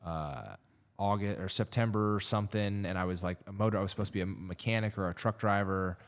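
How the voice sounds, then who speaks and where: Low-voiced guy on a podcast spinning a rambling, sweary story, casual chat. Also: fairly even intonation, quick pace. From Las Vegas, USA. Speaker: comedian guest. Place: podcast studio.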